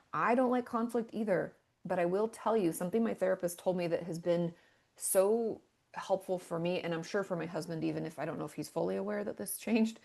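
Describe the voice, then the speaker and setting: A woman's voice: on the low side, gravelly, darkish tone. A woman therapist talking candidly in a casual podcast chat, full of filler words. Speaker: therapist guest.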